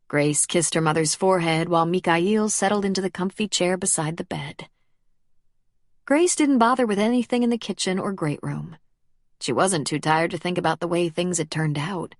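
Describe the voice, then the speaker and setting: A woman reading an audiobook in calm, measured narration. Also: lowish voice, no room sound, studio quality. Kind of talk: scripted narration.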